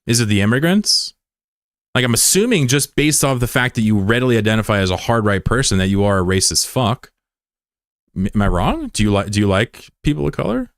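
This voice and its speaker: Combative American streamer man, lively. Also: lowish voice, a little fast, no room sound, clean studio sound. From United States. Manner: taunting, combative, profane. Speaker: livestreamer. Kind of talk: casual livestream chat.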